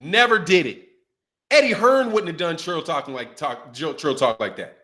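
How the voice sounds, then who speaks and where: High-voiced man ranting about boxing. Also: normal speed. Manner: animated, ranting, profane, mocking impressions. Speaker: boxing channel host. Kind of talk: casual commentary rant.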